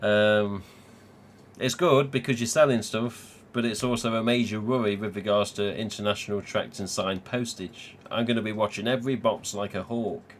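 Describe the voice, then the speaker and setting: A man's voice: on the low side, steady tone, normal speed, a little hiss or hum. A man from England hosting a live stream, chatting casually, swearing freely and laughing often. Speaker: livestream host.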